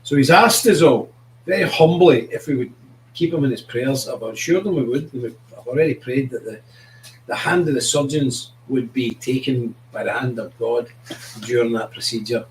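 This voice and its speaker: A man's voice: medium pitch, normal speed, slight background noise. A man hosting a casual live-stream chat, rambling as he greets viewers and calls his dog. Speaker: host of an online political show. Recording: roomy, distant mic, faint ambience.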